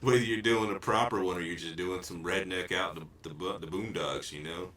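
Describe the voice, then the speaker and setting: A man's voice: low voice, fairly quick, fairly bright tone, far from the mic, slight background noise. A man co-hosting a casual podcast chat, laughing often and swearing freely. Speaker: podcast co-host. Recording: echoey room, voice off-mic.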